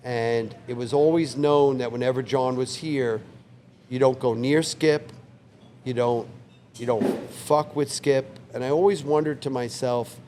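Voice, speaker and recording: A man in his sixties, a longtime bar owner, telling a story in a relaxed, vivid way on a couch in his bar. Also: medium pitch, measured pace, a little hiss or hum. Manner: relaxed, vivid anecdote teller who acts out quoted lines. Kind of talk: casual storytelling interview.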